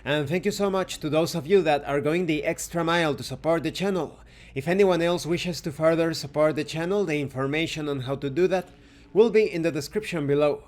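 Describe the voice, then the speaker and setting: Man, fairly high voice, game review host, reads lore aloud, earnest storyteller. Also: brisk, darkish tone. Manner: stops to correct his own pronunciation. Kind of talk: reading game lore aloud, then closing remarks.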